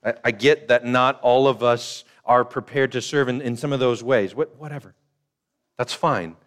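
A man's voice: medium pitch, normal speed, fairly bright tone. An older man preaching a sermon as pastor, conversational, repeating phrases and acting out the voices of the people in his story.

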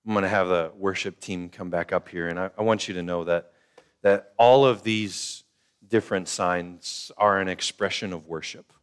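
A man's voice: deep voice, steady tone, moderate pace, clear, resonant tone. An older man preaching a sermon as pastor, conversational, repeating phrases and acting out the voices of the people in his story.

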